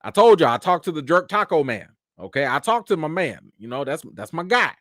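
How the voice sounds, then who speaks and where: A young man hosting a live chat show, animated commentary with mocking asides and rising near-shouts. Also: on the high side, brisk, dry recording, studio quality. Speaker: show host.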